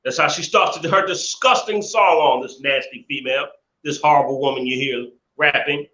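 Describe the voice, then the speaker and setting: His sharp-toned voice on the high side moving at normal speed, a man running a live stream vents indignantly, repeating points in casual commentary. The audio is lo-fi and dull, captured in an echoey room.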